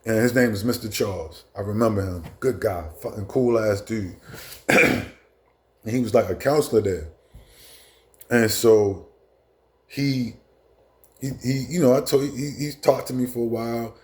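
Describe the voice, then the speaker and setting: A man in his fifties, a show host, telling a personal story in a casual, profane way with halting restarts. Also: fairly low pitch, darkish tone.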